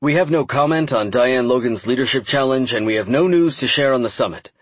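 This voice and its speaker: A man voicing a calm, curt male government spokesman brushing off the press. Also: mid-range voice, fairly quick, no echo, close to an everyday voice.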